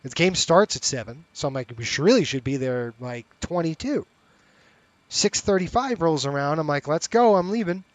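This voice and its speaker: A man's voice: on the high side, lively intonation, normal speed, dry recording. A middle-aged man streaming a flight sim, chatting casually and talking straight to his viewers. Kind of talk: casual live-stream chat and commentary.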